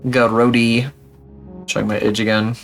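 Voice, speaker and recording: Young male streamer, casual mid-pitch voice, loose and profane, light music underneath. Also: flat delivery, slow, creaky. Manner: rambling, profane and self-mocking. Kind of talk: casual live-stream chat.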